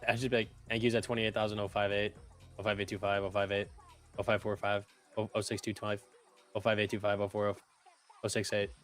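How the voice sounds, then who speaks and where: A man co-hosts a live trading stream in a relaxed, slangy way, rattling off strings of price levels. His voice sits a little low. Faint music runs behind him. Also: a little fast. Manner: laid-back, slangy, rattles off price numbers. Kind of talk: casual chat and rapid market readout.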